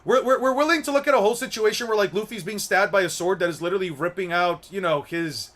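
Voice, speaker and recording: Talking fast in a high, somewhat bright voice, this young man hosts an anime commentary channel. He delivers a rambling, casual rant of opinions, repeating words and swearing freely.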